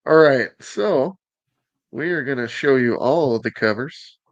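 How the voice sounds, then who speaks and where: Southern man, show host, joking and upbeat, mid-pitched, dry sound. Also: animated, a little slow, no room sound, highs cut off. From Alabama. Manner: joking, upbeat, teasing asides. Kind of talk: casual show presentation.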